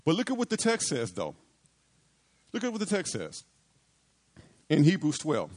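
A man's voice: on the high side, huge pitch swings, normal speed, a little mellow. A man preaching a sermon, asking rhetorical questions, repeating phrases and acting out quoted pleas.

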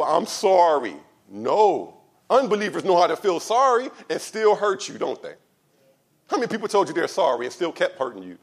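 A male pastor preaching a sermon, calling out to the congregation, building to loud, drawn-out passion and then dropping low and quiet. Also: very animated. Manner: calls out to the congregation.

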